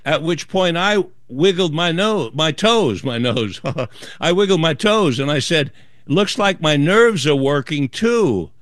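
A man's voice: on the high side, measured pace, dry recording, studio quality. A man telling a story as a guest in an interview, acting out the voices of others in his tale. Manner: animated storyteller acting out dialogue. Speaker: author and guest.

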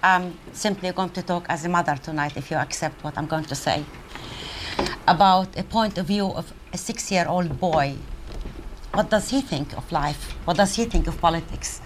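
An older woman from Palestine giving a public speech, conversational and animated, with pauses and fillers. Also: fairly low pitch, slight background noise. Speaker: guest speaker, professor.

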